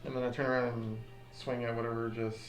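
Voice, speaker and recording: A man's voice: mid-range voice, level tone, fast talker. A man playing a tabletop game who keeps asking questions and checking his rolls. He laughs at his own rolls now and then. His voice comes through an echoey room over background noise. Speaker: player. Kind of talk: casual tabletop game talk.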